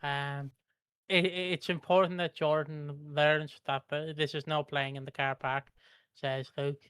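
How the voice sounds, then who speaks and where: British guy reading out chat messages, bright smooth voice, dry close mic. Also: on the high side, little pitch movement, measured pace, dry recording. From Britain. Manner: reads comments aloud with stumbles. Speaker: co-host reading out viewer comments. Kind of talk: live stream, reading chat.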